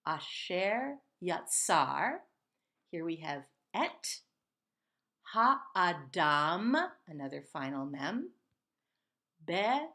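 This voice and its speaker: Slow, patient woman teaching Hebrew reading. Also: fairly low pitch, sing-song, bright, forceful tone. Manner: patient, sounds out words syllable by syllable. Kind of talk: slow step-by-step reading lesson.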